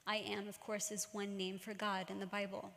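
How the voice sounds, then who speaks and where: A middle-aged woman giving a church talk, telling stories in a measured, earnest way. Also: mid-range voice, little pitch movement, creaky, fairly bright tone, slight background noise. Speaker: church speaker. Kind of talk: sermon-style talk. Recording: long church-hall reverb.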